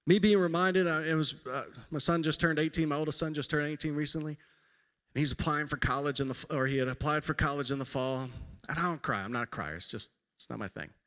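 A man's voice: a little high, a bit bright. A man in his forties preaching a sermon in a church, talking in a conversational, self-deprecating way and weaving in personal stories. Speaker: pastor. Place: church sanctuary. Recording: long hall reverb.

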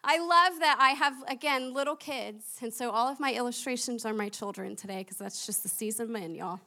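A young woman with a lilt delivers a sermon in an animated, conversational way. Her voice sits high and sounds bright and forward. She laughs at herself as she tells her stories. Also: a little fast. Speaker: preacher.

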